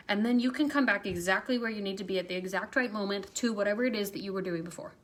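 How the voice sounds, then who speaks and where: A woman's voice: medium pitch, quick pace, few pauses. A woman coaching a fitness challenge group, giving a chatty, encouraging motivational talk to camera and repeating phrases for emphasis. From Arizona.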